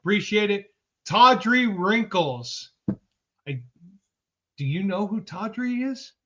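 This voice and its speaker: Upbeat high-voiced man reading chat names. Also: animated, takes it slowly. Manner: upbeat, shouting out viewers by name. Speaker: podcast co-host reading the chat. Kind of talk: casual live-stream chat. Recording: dull lo-fi stream audio.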